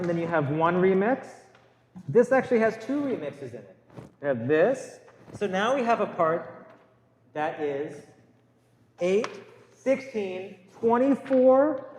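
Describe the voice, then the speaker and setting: A man's voice: sits high, darkish tone. A man teaching a guitar class, counting beats and calling out note letters for his students to say together. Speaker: music teacher. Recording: echoey room, faint noise.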